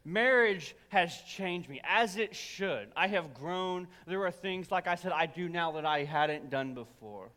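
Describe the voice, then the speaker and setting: Bright-voiced young pastor, animated storytelling. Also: male voice, sits high, a little slow, few pauses. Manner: animated, self-deprecating storytelling to a congregation. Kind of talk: sermon with personal stories. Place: large church auditorium. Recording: church hall with long reverb.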